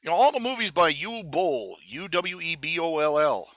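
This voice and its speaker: A man's voice: a little high, very animated, moderate pace, fairly bright tone, dry recording. A man talking casually on his live stream, rambling with many fillers and restarts and acting out the quotes he tells. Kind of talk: casual solo commentary.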